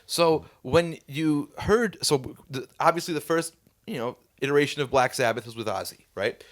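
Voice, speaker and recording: A man's voice: fairly high pitch, normal speed. Chatty man hosting a band podcast. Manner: curious, rambling, lots of "like" fillers. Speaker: podcast host and band guitarist. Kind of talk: casual chat.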